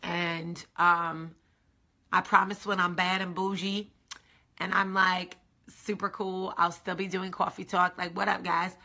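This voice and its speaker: A middle-aged woman hosting her own vlog, telling a story in an excited, rambling way with many asides. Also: on the low side, slow. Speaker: vlog host. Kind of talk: casual chat to camera.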